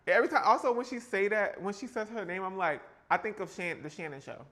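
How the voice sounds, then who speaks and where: A high-voiced man from South Carolina speaks fairly quickly in a fairly bright tone. He's live-streaming from his home kitchen, baking and casually chatting with viewers, reacting playfully and sassily to the chat.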